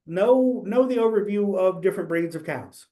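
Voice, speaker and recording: A man's voice: high-pitched, moderate pace, warm tone. A man giving a casual exam prep webinar, talking loosely with fillers, restarts and small jokes. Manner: loose, chatty, joking, many fillers and restarts.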